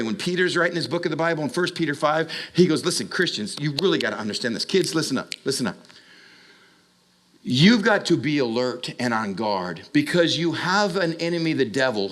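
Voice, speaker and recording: A male preacher delivers a lively sermon, moving between dramatic storytelling and quick comic asides. He appeals directly and urgently to his young listeners. He sometimes leaps high in pitch to act out the voices in the story. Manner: acts out voices with sudden high jumps. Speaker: young adult ministry preacher.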